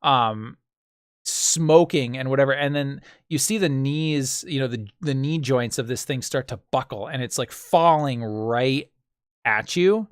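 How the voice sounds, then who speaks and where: A man narrating a tabletop game as game master, painting scenes vividly and adding his own mouth sound effects. His voice sits at an everyday middle pitch. The recording is dry and close. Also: a little slow, clear, resonant tone, dry recording.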